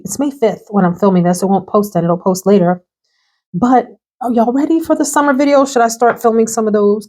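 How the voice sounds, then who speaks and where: A woman's voice: medium pitch, a little mellow. A woman reviewing fragrances in a casual chat to camera at home, bubbly and talkative, laughing often. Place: home room with perfume shelves behind.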